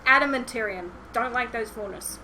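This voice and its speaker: A woman's voice: a little high, normal speed, crowd noise, low-quality recording. A young woman co-hosting a podcast in casual chat, enthusiastic and laughing often. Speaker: podcast co-host.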